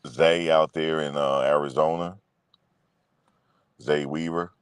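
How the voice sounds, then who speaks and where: With a smooth bass voice and fairly even intonation, this sports show host talks slowly in a studio-quality recording with no room sound. He's loose, swears, circles back over the same points, and speaks right to the audience.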